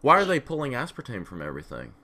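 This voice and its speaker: A man co-hosting a casual podcast, scattered and profane, with vocal fry. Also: mid-range voice, wildly swooping pitch, fast, pushed and bright. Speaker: podcast co-host.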